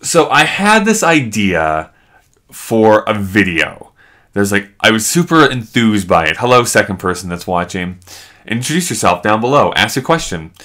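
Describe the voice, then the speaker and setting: Bright-voiced chatty man. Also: on the low side, normal speed. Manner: animated, chatty, heavy use of "like". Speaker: live stream host. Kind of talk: casual storytelling on a live stream.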